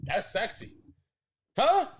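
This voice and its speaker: A man with a Baltimore accent in casual sports talk, excitable and quick to react. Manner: excitable, swoops up and down in pitch.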